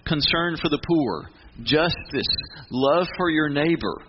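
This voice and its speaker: A man preaching a sermon, emphatic, stressing his points with restarts and slow dramatic pauses. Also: fairly high pitch, lively intonation. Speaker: pastor. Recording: muffled with noticeable background noise.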